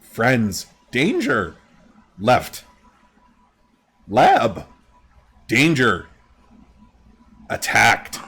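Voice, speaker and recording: A man's voice: mid-range voice, wildly swooping pitch, very slow, long pauses, sharp tone, husky, exaggerated voice. A man voicing a panicked male bird-creature who speaks in choppy, broken one-word bursts.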